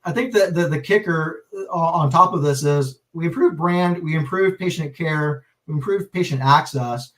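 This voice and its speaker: A man's voice: a little high, moderate pace, hardly any pauses, recorded from a distance. A man, a pharmacist and healthcare leader, telling a story on a podcast, acting out the dialogue and often restarting his sentences. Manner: animated storyteller, acts out quoted dialogue, many restarts. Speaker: pharmacist and healthcare executive guest.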